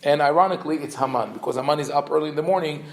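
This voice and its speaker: A man, a rabbi, teaching a scripture class. He explains with dry humor and many fillers, and reads verses quickly in a chant. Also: on the high side. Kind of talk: Torah class lecture.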